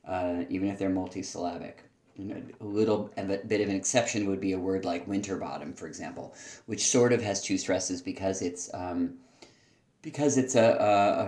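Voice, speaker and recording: Low-voiced teacher in a roomy space. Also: male voice, darkish tone. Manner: thoughtful, hesitant, many pauses. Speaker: teacher giving feedback. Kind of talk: spoken feedback on student writing.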